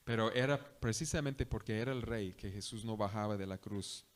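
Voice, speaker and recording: A man, a missionary preacher, giving an animated sermon that switches between two languages in a church. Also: on the low side, quick pace. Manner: animated storytelling. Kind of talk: bilingual sermon.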